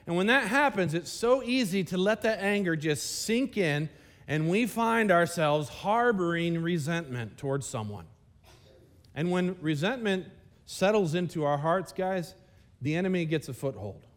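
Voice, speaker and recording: A man delivers a sermon in a lively, conversational way, breaking off to speak straight to his congregation. His voice sits high for a man. He sounds like he is preaching at a live church service. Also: measured pace. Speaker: pastor.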